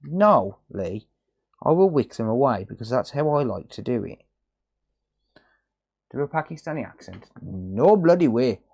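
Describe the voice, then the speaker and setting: A man hosting a repair live stream, chatting and teasing his viewers while he works. His voice moves lively up and down and often drops to a quiet mutter. His pitch sits in the middle. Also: unhurried, vocal fry, long pauses, slightly rough. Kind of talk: casual live-stream chat.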